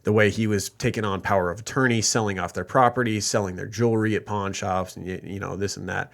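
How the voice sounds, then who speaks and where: A man's voice: on the low side, fairly even intonation, fast talker, creaky, fairly bright tone. A man co-hosting a true crime podcast, retelling a case from notes with jokey asides. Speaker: podcast co-host.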